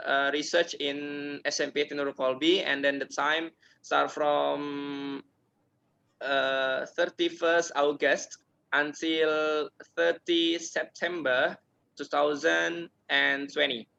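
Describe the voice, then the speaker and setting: Man, young adult, formal presentation, hesitant, bright tense tone, gravelly fry. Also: a little high. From Indonesia. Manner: hesitant, halting, many filler sounds. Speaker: university student defending a thesis. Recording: dull lo-fi sound.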